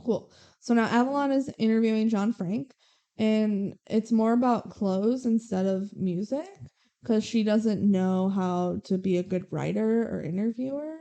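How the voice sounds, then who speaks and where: Chatty sarcastic woman, mellow voice. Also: medium pitch, a little slow. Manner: chatty, sarcastic, quotes characters in passing. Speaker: podcast co-host. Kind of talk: casual movie recap chat.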